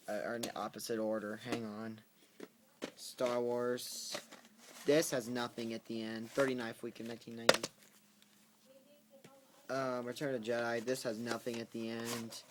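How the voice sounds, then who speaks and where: A man speaks casually at home, stopping and restarting his sentences with plenty of ums. His pitch sits in an ordinary middle range. The recording carries a clear hiss with scattered clicks. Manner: halting, self-correcting, with ums and restarts. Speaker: VHS tape collector vlogger. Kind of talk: casual spoken video commentary. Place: at home with a pet in the room.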